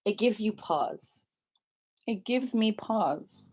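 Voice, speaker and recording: A woman's voice: medium pitch, animated, slow, a little mellow, breathy edge. A young woman vlogging in a rambling confessional chat, full of filler likes and laughing often.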